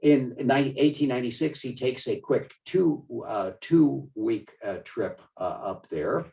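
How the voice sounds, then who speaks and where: An older man giving a conversational, digressive museum talk with slides, often halting mid-sentence. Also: medium pitch, vocal fry, mellow, recorded from a distance, low-quality recording. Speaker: museum lecturer. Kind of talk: slide-show history talk.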